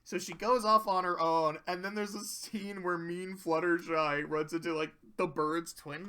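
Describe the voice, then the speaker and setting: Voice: medium pitch, measured pace, hardly any pauses, bright, forceful tone, clear, resonant tone. A commentator casually recapping cartoon episodes, rambling, swearing freely and laughing often.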